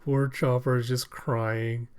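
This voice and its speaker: A man's voice: mid-range voice, little pitch movement, slow, a little mellow, smooth. A young man rambling casually through a manga chapter review, with lots of fillers.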